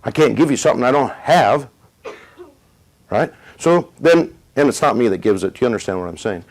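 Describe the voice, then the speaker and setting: A middle-aged man preaching a sermon, retelling a story with dramatic pauses and rising emphasis. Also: medium pitch, lively intonation, low-quality recording. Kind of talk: sermon testimony.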